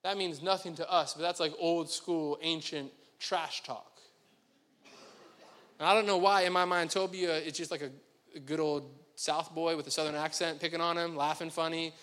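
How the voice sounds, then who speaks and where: A man with a high voice preaches in a church hall, and his words ring out with a long reverb. He keeps it conversational and joking and speaks straight to the congregation. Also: fairly even intonation, moderate pace, fairly bright tone. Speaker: pastor. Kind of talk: sermon. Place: church sanctuary.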